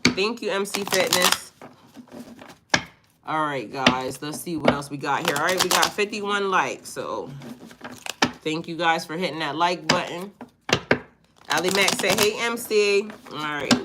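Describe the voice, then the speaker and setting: A woman with a somewhat low voice hosts a casual live-stream tarot reading. She talks in a loose, chatty way, laughs often and reads out viewer comments. Clear background noise and clicks run under her voice. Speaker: tarot reader.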